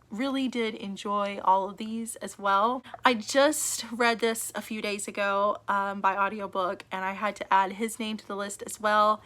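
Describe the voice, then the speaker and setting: A woman's voice: mid-range voice, fairly bright tone. A woman book vlogger chatting casually to camera, enthusiastic and chatty, with frequent fillers and little laughs.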